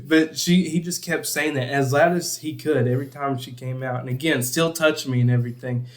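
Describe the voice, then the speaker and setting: A man's voice: mid-range voice, fairly even intonation, fairly quick. A young man casually telling a story on a podcast, laughing a lot and acting out other people's lines. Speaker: podcast co-host.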